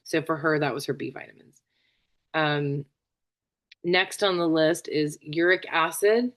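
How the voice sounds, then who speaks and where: A woman's voice: low voice, measured pace. A woman practitioner giving a casual explanatory lesson, chatty, with lots of fillers and asides, sounding a bit tired. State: tired, yawning. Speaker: functional medicine practitioner.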